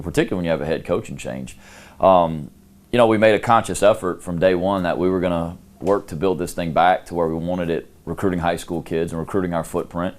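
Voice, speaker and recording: A middle-aged man, a head football coach, answering interview questions in a relaxed, candid way with plenty of "you know" fillers. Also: low voice. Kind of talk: sit-down interview.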